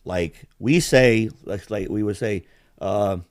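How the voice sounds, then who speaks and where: A man's voice: on the low side, slow pace, no echo, studio quality. A man hosting a casual podcast, rambling bluntly with heavy swearing. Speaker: podcast host.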